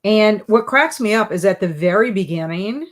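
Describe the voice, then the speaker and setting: A woman's voice: medium pitch, expressive, normal speed. A young adult woman hosting a casual live stream at home, reading viewer comments aloud and answering them playfully, often laughing. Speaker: livestream host.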